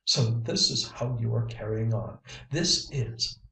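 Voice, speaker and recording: A man's voice: medium pitch, animated, slow pace, gravelly, bright, forceful tone, full character voice. A man reading the part of a jealous, flabby young schemer who sneers and whines, recorded from a distance in a roomy space. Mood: whining rage. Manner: sneering, whining.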